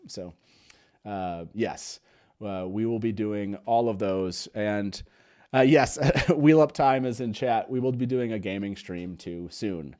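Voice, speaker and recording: A man's voice: lowish voice, a little slow, darkish tone. A young man hosting a live stream, chatting casually with lots of fillers and frequent laughter. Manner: upbeat, laughs often, many fillers. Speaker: podcast host.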